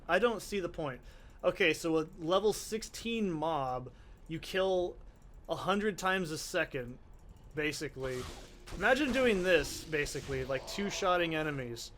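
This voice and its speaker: A man's voice: a little high, background noise. A man ranting with heavy profanity and exasperation while commentating his own gameplay. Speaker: gaming channel host. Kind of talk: let's play commentary.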